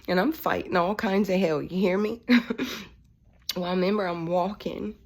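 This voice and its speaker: A middle-aged woman preacher giving a fervent, rambling spiritual testimony that sometimes drops to a hush. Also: on the low side, fairly even intonation, moderate pace.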